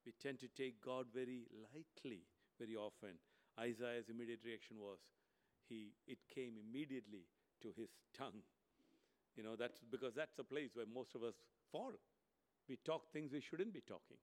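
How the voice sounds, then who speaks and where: This is an animated sermon from a medium-pitched man whose delivery swings from forceful, loud statements to quiet, hushed passages.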